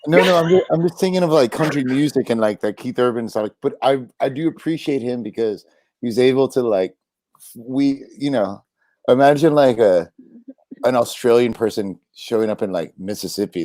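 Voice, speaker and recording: A man's voice: medium pitch, normal speed, darkish tone, dry recording. A man playing as a contestant in a casual online quiz, talking over a video call, rambling and swearing and often trailing off. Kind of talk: casual chat.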